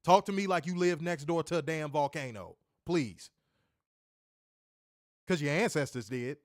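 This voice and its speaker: A man's voice: a little high, measured pace, no echo, studio quality. A man reviewing a wrestling show in casual chat, ranting animatedly and swearing often.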